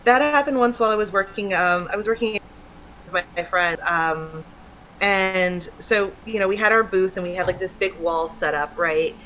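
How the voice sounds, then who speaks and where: Woman stream co-host, animated storyteller, casual chat, slight noise under the voice. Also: medium pitch, normal speed, poor audio. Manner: animated storytelling, laughs often. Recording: faint background noise.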